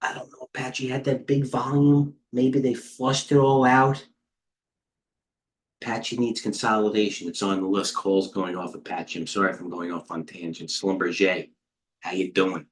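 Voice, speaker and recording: A middle-aged man coaching traders, talking in a quick, scattered way and thinking out loud with lots of asides. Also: fairly low pitch, flat delivery. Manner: rapid, scattered thinking aloud with many asides. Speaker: trading coach and host. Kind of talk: live market commentary.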